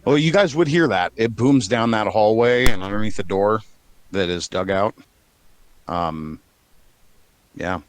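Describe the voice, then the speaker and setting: A man narrating a tabletop game as game master, relaxed and rambling with many fillers. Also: fairly low pitch, a little slow, pauses often, a little hiss or hum.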